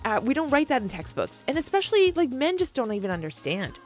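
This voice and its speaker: A woman's voice: sits high, very animated, fast, soft background music. A woman in her forties hosting a podcast, talking frankly and playfully in a casual monologue and calling her listeners pet names. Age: 40s. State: perimenopausal. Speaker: podcast host.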